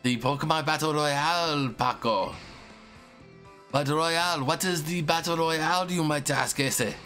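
A man voicing a boisterous masked male luchador showman with a put-on Mexican accent, reading game lines with drawn-out hype calls. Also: on the high side, pushed and bright, faint music behind. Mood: hammy. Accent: Mexican Spanish, put on. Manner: drawn-out hype announcer calls with "ese" tags. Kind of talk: reading game dialogue aloud in a voice.

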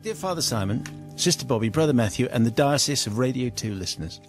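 A British man, a radio host, reads a listener's comic story aloud with lively, amused delivery and playful quoted voices. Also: medium pitch, fast, soft background music.

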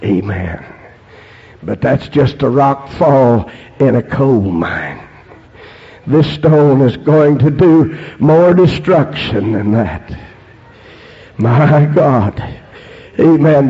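A male preacher delivering a holiness sermon. He marks phrases with "amen" and swings from hushed storytelling to shouted peaks. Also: medium pitch, expressive, extremely slow, long pauses. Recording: dull lo-fi sermon recording.

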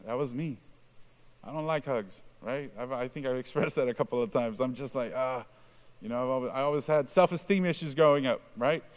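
Conversational male preacher. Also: a little fast. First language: Spanish. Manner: conversational, asks the congregation questions, many asides with "right?"; acts out quoted reactions in a lowered voice. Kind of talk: sermon.

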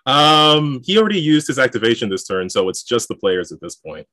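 A man running a tabletop game as game master, relaxed, laughing often and filling pauses with "uh" and "um.". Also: medium pitch, no echo.

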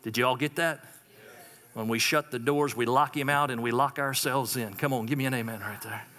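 Bright-voiced pastor preaching. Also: male voice, mid-range voice, fairly even intonation, a little fast, in a large hall. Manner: call-and-response preaching, repeated prompts to the congregation. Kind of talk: sermon. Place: church sanctuary.

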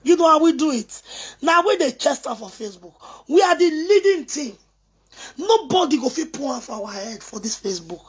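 A high-pitched woman with a Nigerian accent rambles through a video message. She talks in a teasing, excitable way and slides between pidgin and English. Her voice sits well above the usual range for a woman. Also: normal speed.

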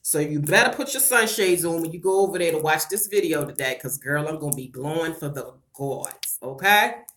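A low-pitched woman with a bright, forceful edge, talking straight to her viewers on a live-stream vlog. She is tearful and her voice breaks at times, yet she stays blunt and swears without holding back. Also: expressive, brisk. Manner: blunt, cusses freely, calls viewers "y'all" and "girl". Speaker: vlogger reading live chat. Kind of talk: emotional casual live-stream chat.

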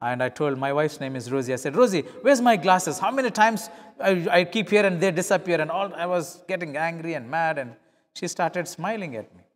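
High-voiced male preacher in a reverberant hall. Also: expressive, brisk. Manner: storytelling, acting out dialogue in shifting voices. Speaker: pastor. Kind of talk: sermon. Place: church.

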